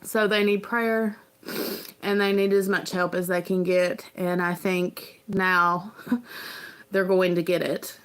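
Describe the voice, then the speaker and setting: A woman hosting a casual livestream, talking in an earnest, rambling, halting way as a parent. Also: on the low side, little pitch movement, clear, resonant tone. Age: adult parent. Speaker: livestream host.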